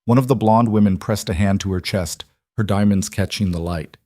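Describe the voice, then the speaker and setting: A man narrating a romance audiobook in a measured, dramatic manner. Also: lowish voice, darkish tone, dry recording, clean studio sound.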